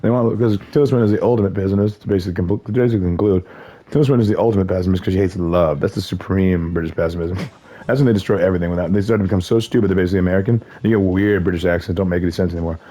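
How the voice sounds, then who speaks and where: A man's voice: low-pitched, steady tone, rapid-fire, dark tone. A man streaming a game, rambling loosely, swearing and laughing often. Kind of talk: rambling gameplay commentary.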